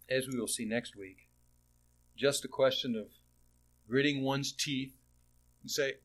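A man preaching a sermon in an earnest way, repeating words and swinging between raised passages and hushed ones. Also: mid-range voice, slow pace, pauses often.

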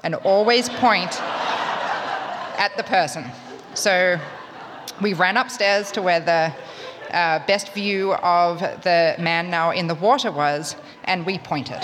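A woman tells a story to a live audience in a wry, chatty manner. Her voice sits on the low side. The sound carries a long hall reverb. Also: takes it slowly, noisy background. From Australia. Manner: wry, conversational, self-mocking.

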